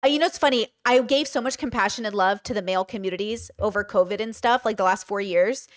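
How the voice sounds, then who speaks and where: A woman's voice: medium pitch, fast. A woman hosting a reaction stream, talking emphatically and repeating her points. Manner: emphatic, repeats herself, acts out quotes. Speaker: streamer host.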